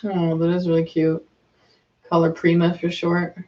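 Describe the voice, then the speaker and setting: A woman's voice: lowish voice, completely flat delivery, normal speed. Rambling woman full of "like"s, distant mic. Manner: rambling with many likes, soft asides to a dog. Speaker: livestream co-host. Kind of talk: casual chat. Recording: distant, dull-sounding mic.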